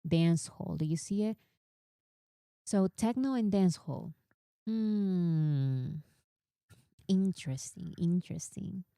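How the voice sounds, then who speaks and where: Woman, live-stream host, animated fan chatter, mellow low-ish tone, dry close sound. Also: slow, creaky, long pauses, clean tone, dry recording. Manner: chatty, animated, reads quotes aloud.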